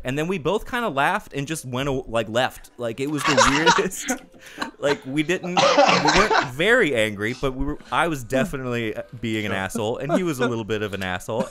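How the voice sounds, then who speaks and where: A man's voice: mid-range voice, very animated, brisk, sharp tone. A man as a podcast host telling an anecdote in casual chat, acting out both sides of the exchange in a raised voice. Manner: acts out the other person's lines in a raised voice. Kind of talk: casual chat, animated storytelling.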